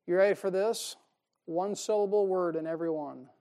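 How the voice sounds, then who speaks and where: Speaking at a moderate pace in a high-sitting voice, a man gives a homespun, emphatic sermon. He chuckles at his jokes and alternates between loud stresses and soft asides.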